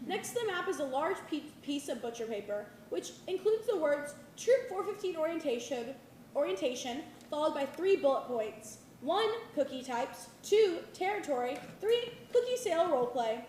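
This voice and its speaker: A woman reading the stage directions aloud in a clear, measured voice. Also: sits high, big pitch swings, a little mellow, slight background noise. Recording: live reading in an echoey hall.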